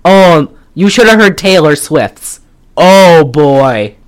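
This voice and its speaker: Podcast co-host, woman, low and very animated, blunt rambling rants. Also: slow, clear, resonant tone. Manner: exasperated, blunt, rambling with restarts. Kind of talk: casual chat.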